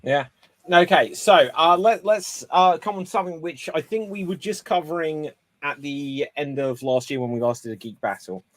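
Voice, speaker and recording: A man hosting a casual panel chat, talking in an animated, exclamatory way. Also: a little high, moderate pace, no room sound. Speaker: panel host.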